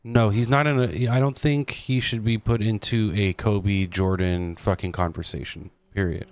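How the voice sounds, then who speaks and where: A man's voice: on the low side, fairly even intonation, normal speed, clear, resonant tone, no room sound. A man on a casual podcast giving blunt, profane opinions and chatting with his co-hosts.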